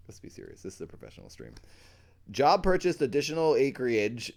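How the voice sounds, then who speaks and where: Deep-voiced playful male streamer. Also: very animated, a little fast, vocal fry, a little mellow. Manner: playful, easily amused, self-mocking. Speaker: live streamer. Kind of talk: reading ghost stories aloud on a live stream, chatting with viewers.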